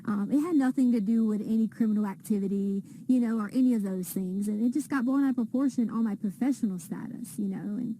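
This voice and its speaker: A woman's voice: a little high, quick pace, few pauses, warm tone, low-quality recording. A woman in an interview defending her career, hesitant and defensive.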